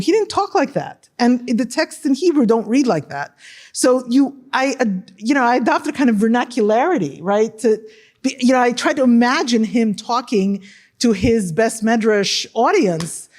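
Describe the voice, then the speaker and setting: A female scholar on a translation panel speaks animatedly and emphatically at a fairly high pitch and moderate pace, often ending her points with questions.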